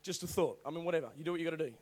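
A young man preaching to a youth group through animated personal stories, acting out voices and now and then bursting into shouts. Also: a little high, very fast, husky. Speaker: youth speaker. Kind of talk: storytelling youth sermon.

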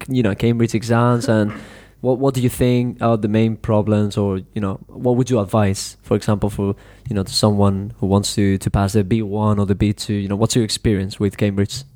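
A man's voice: fairly low pitch, dark tone. A male podcast host, a native Spanish speaker talking in English, asking long friendly questions full of fillers. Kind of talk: casual interview.

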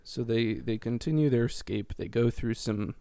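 A man's voice: medium pitch, moderate pace, mellow, no room sound. A man co-hosting a podcast, rambling through a casual plot recap and chuckling as he goes. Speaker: podcast co-host recapping a game. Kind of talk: casual chat.

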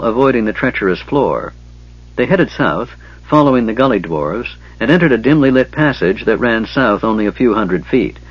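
A man reading a fantasy novel aloud in steady, scripted narration. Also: mid-range voice, husky, no echo. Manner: steady, even storytelling. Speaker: audiobook narrator. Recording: dull lo-fi recording.

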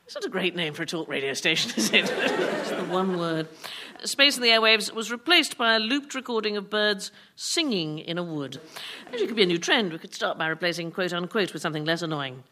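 A woman's voice: on the low side, lively intonation, a little fast, hardly any pauses. A woman hosting a radio comedy panel quiz, firing off dry quips and laughing at her own jokes. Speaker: quiz show host. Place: radio studio with live audience. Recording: loud hiss and audience.

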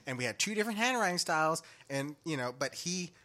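A young man telling a story in casual chat with friends, animated, laughing often and swearing freely. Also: on the high side, quick pace.

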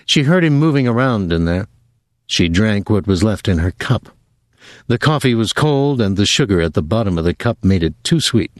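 Low-voiced male audiobook narrator. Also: animated, normal speed, no room sound. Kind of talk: scripted narration.

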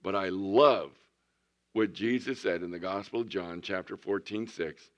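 A man in his sixties preaching a folksy sermon, swinging from loud bursts to hushed tones. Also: medium pitch, moderate pace. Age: 60s. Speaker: pastor.

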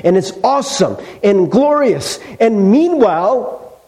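A man's voice: sits high, sing-song, takes it slowly, darkish tone. A male pastor preaching a sermon in a conversational storytelling way, with casual fillers.

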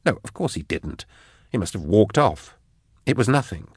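A man's voice: on the low side, very animated, normal speed, breathy edge, no echo, studio quality. A man narrating an audiobook, voicing a nervous male scholar who keeps asking anxious questions in a lifted tone. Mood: uneasy.

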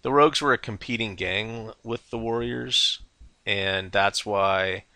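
Gravelly low-voiced man chatting about a film. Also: unhurried, bright, forceful tone, no room sound. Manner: hesitant, restarts a lot. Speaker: podcast co-host. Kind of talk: casual film discussion.

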